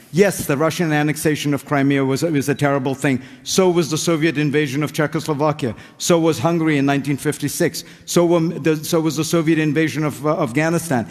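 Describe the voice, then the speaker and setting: A man's voice: fairly high pitch, a little mellow. A man from India, speaking earnestly and persuasively in a formal debate. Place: large hall before an audience. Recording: reverberant debate hall.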